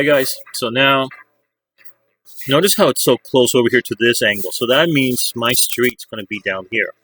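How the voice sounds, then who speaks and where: A man's voice: medium pitch, sharp tone, rough recording. A man teaching a drawing lesson, walking students through each step in a chatty way. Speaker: art teacher.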